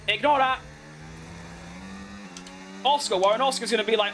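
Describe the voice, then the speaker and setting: Young British man, high voice, chatty gaming streamer, quick reactions, self-mocking, faint background hum. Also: a bit bright. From United Kingdom. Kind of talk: live gameplay commentary while reading chat.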